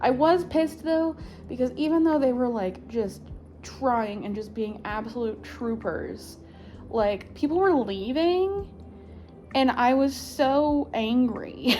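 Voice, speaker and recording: A woman's voice: sits high, takes it slowly, slight background noise. A young woman chatting casually to camera from her living room floor, laughing often and filling her talk with "like" and "um". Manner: chatty, animated, laughs often, many fillers. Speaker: vlogger.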